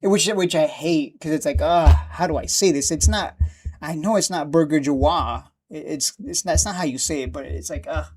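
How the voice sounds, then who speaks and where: A man chatting casually on a live stream about stock charts, rambling and quick to laugh or get annoyed. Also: fairly high pitch, darkish tone, breathy edge.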